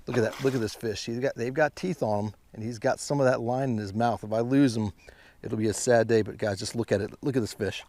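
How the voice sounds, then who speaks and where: A man giving excited fishing commentary from a boat on a mountain lake, exclaiming often and calling out to viewers as guys. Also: medium pitch, fast talker, no echo. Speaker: fishing vlogger.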